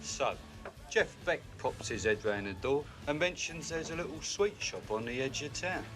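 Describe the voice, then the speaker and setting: An actor playing a weary rock roadie, telling a tour story in a dry, matter-of-fact way, from a film clip with music underneath. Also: male voice, mid-range voice, animated, normal speed, natural voice. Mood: deadpan.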